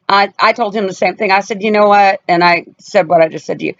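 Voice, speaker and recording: A woman's voice: medium pitch, a little fast, hardly any pauses. Woman, family vlogger, casual storytelling, emphatic, slightly dull lo-fi sound. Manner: emphatic, animated, acts out voices in quotes.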